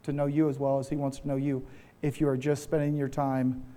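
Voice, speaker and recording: A man's voice: mid-range voice, level tone, brisk, dark tone. A man preaching a sermon to his congregation in an earnest, conversational way, often restarting his phrases. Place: church.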